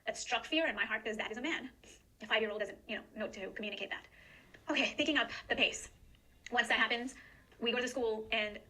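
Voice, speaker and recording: Bright, quick-talking emotional woman. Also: a little high, low-quality recording. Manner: emotional, earnest. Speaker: guest in a recorded statement. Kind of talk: personal testimony.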